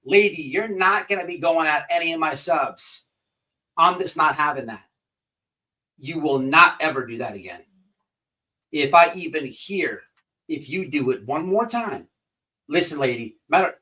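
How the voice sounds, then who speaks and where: Ranting male commentary host, profane and confrontational, a bit high-pitched, slightly distant mic. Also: animated, moderate pace, bright, forceful tone.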